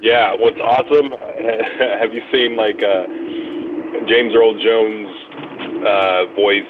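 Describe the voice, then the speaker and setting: A man's voice: lowish voice, steady tone, drawn-out words. A man co-hosting a podcast, chatting casually in a jokey way and laughing often. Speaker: podcast co-host. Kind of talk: casual chat. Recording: tinny phone-like line with hiss.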